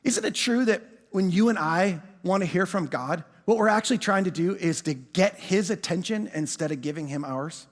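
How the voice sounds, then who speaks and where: A high-pitched male pastor preaching in a big church auditorium, his words trailing off into a long echo. He leans hard on his key phrases and repeats himself for emphasis, stretching certain words out slowly. His lines reach the room through a stage microphone. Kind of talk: sermon.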